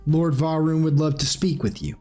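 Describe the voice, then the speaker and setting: A pale, bald half-drow assistant speaks with bemused courtesy and a snake-like flick of the tongue, as a man puts him on in a tabletop game. His voice sits fairly high. Soft music plays underneath. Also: moderate pace, close to an everyday voice. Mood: gracious.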